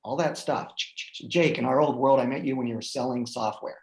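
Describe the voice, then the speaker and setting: A man in his forties, a guest speaker, telling a personal story in an animated way with many fillers and restarts. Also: mid-range voice, fairly quick, reverberant, low-quality recording. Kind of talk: personal storytelling in a group talk.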